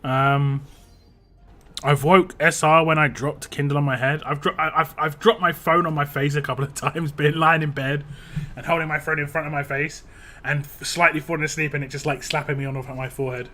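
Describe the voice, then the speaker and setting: This young game streamer rambles casually, laughing often and reading messages from chat, his voice a bit roughened by a drink. The tone stays bright and forceful, pitched slightly high, yet his pitch barely moves and his pace runs a little quick.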